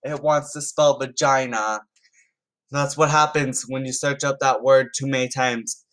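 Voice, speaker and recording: A man's voice: medium pitch, steady tone, measured pace, fairly bright tone. Chatty man giving amused, stumbling commentary. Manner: chatty and amused, stumbling over words and restarting. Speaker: YouTuber. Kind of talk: casual comedic commentary reading text messages aloud.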